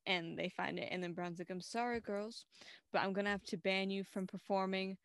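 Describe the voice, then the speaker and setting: A woman's voice: medium pitch, steady tone, moderate pace, clean tone, no echo, clean studio sound. A young woman co-hosting a casual movie review, giggling and acting out characters' lines in playful voices. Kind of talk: casual chat.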